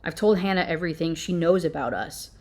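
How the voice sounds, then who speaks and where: A woman's voice: low voice, animated, fairly quick, a little mellow. Woman reading as an angry accusing husband. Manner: heated, accusing.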